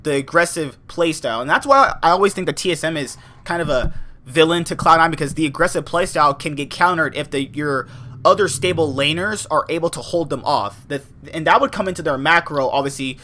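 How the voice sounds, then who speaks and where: Animated young man, bright voice. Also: on the high side. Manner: animated, teasing, quick opinions. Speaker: podcast co-host. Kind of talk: casual esports chat.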